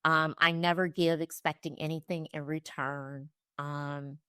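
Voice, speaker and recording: A woman's voice: sits low, steady tone, unhurried, pushed and bright, clean tone, dry recording, clean studio sound. A woman guest on a podcast, telling personal stories in a reflective way. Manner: reflective, tells stories with acted quotes. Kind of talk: storytelling in a podcast interview.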